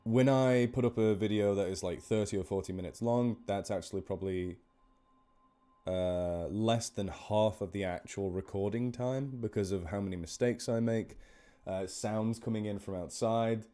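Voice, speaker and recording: A man's voice: fairly low pitch, moderate pace, dark tone. A man chatting casually on a live stream between horror stories, rambling and self-deprecating as he thanks donors by name. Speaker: horror story narrator on a charity live stream. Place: indoors at home.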